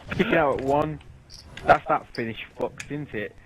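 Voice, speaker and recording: A man's voice: fairly high pitch, normal speed, fairly bright tone, slight background noise, poor audio. A young British man casually telling stories while playing a game, laughing often and swearing freely. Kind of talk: casual chat over gameplay.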